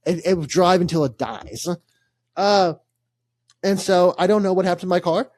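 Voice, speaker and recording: A man's voice: high voice, moderate pace, a little mellow, no echo. A young man, co-hosting a casual sports podcast and telling a rambling story full of laughs and fillers. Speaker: podcast co-host.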